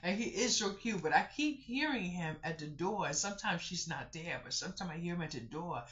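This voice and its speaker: A vlogger telling a personal story in a casual storytelling vlog, chatty and animated, talking straight to viewers and repeating the same catchphrase. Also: medium pitch, fairly quick. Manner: animated storyteller, repeats "I kid you not", acts out others' voices; chatty, addresses viewers directly. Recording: dull lo-fi recording.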